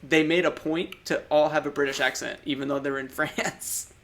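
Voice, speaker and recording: A man's voice: a little high, flat delivery, moderate pace, fairly bright tone. A man co-hosting a podcast, chatting casually about movies, rambling, trailing off and laughing often. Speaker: podcast co-host.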